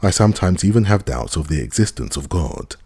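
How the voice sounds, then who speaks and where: A man voicing an anxious, doubting young bridegroom who speaks in a halting, awkward way, in an audiobook. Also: low voice, animated, dark tone, slightly rough, voice pushed up, exaggerated voice. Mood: uneasy.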